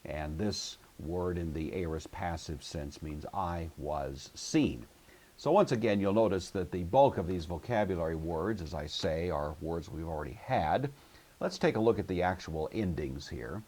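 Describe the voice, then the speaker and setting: A man teaching a recorded Greek grammar lesson, explaining methodically and patiently and slowing down to pronounce each example word. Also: deep voice, lively intonation, darkish tone.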